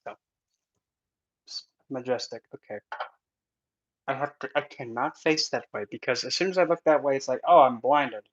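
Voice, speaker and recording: A man's voice: mid-range voice, moderate pace, long pauses, highs cut off. A man chatting casually in a Q&A, rambling, joking and breaking off mid-thought, on an in-ear mic. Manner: rambling, jokey, self-interrupting. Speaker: vlogger and spiritual instructor. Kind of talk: casual Q&A chat. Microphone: in-ear headset mic.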